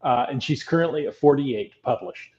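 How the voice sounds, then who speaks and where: A man's voice: medium pitch, moderate pace, darkish tone, muffled recording. A man co-hosting a casual podcast, reading listener comments and chatting in a friendly, laughing way. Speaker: podcast co-host. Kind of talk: casual chat.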